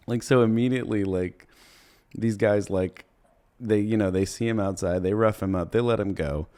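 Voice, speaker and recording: Rambling, profane low-voiced man. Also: steady tone, normal speed, dark tone. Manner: rambling, profane, laughs while retelling scenes and puts on brief character voices. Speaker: comedy podcast host. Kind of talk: casual comedic movie recap.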